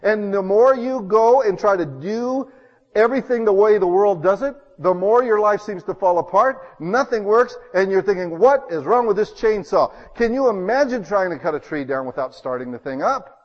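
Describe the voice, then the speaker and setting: A man preaching a sermon, telling homey stories and swinging between loud bursts and hushed asides. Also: high voice, expressive, moderate pace, in a large hall, highs cut off.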